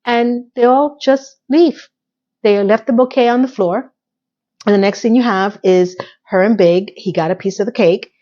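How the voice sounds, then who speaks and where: A woman's voice: medium pitch, normal speed, dark tone, lo-fi sound. Chatty opinionated woman recapping an episode.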